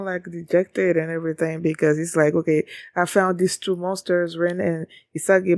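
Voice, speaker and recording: A woman's voice: deep voice, darkish tone, no room sound, clean studio sound. A woman hosting an anime reaction video, chatting casually and rambling with lots of "like" and "um". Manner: rambling, full of "like" and "um". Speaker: anime reaction channel host.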